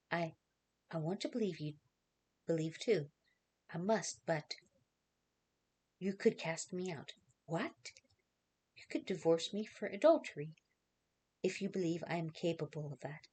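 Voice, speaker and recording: A woman voicing a frightened yet faithful young girl who stumbles over her words and pleads to be believed. The voice sits slightly low and soft, in a dramatic reading. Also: slightly rough. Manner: hesitant, halting, pleading.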